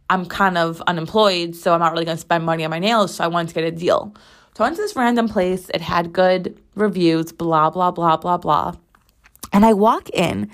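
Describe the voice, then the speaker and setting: A young woman hosting a weekly show, telling a story in a casual, animated and sarcastic way, full of rambling asides. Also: lowish voice. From United States. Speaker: podcast host.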